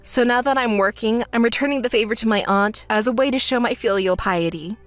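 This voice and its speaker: A woman's voice: on the high side, brisk, no echo, soft background music. Cold, firm young woman narrating. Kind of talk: dramatized texting-story narration.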